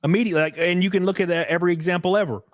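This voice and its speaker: A man's voice: sits high, racing, no room sound, clean studio sound. Blunt, profane man in casual chat. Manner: blunt, profane, animated storytelling. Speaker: podcast host. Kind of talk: casual chat reading viewer comments.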